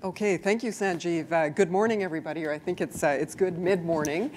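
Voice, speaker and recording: Low-voiced woman giving a presentation. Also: quick pace, darkish tone, a little hiss or hum. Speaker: diplomat presenting. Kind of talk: conference presentation. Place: conference room before an audience.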